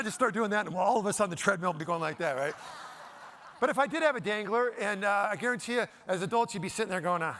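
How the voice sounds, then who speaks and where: Middle-aged male speaker with a high, bright voice, working the room with jokes and questions. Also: fast, slight background noise. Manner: animated, jokey, asks the audience questions. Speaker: motivational speaker. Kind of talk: live keynote talk to an audience. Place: event stage before a live audience.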